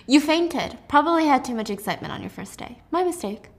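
A controlling young commander, smug and measured, giving orders in short, calm lines, as a woman reading a book recap puts him on. His voice sits fairly high. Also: gravelly.

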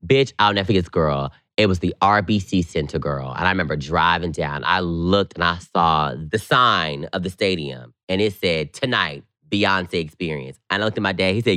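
A very low-voiced man co-hosting a podcast, telling stories in casual, slang-filled chat. His voice leaps up high whenever he gets excited, and the recording is dry and close. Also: moderate pace, hardly any pauses, clear, resonant tone, dry recording. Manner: animated, slangy storytelling, leaps up in pitch when excited. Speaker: podcast co-host.

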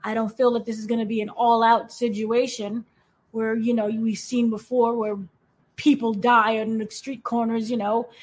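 A woman talking casually about a TV episode, animated and acting out the characters' lines as she goes. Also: on the high side, normal speed. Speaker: podcast panelist.

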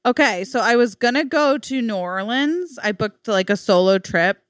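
Animated woman podcast co-host. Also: moderate pace, no room sound, clean studio sound. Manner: animated storyteller, acts out quotes in a high squeal. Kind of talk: casual chat.

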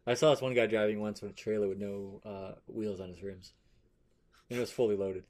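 A man from Massachusetts hosting a podcast, chatting casually and tossing out dry, deadpan wisecracks. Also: lowish voice, a little fast. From Massachusetts, USA. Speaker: podcast host. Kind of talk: casual joking chat.

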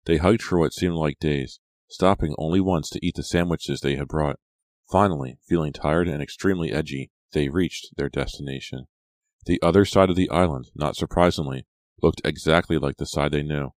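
A man narrating an audiobook in a steady, even storytelling manner. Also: very deep voice, moderate pace, no echo. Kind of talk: scripted narration.

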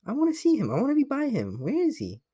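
A man's voice: very high voice, wildly swooping pitch, fast talker, mellow, husky, pitched above the performer's own voice, exaggerated voice. A man voicing a smitten young woman who eagerly asks where a guy went.

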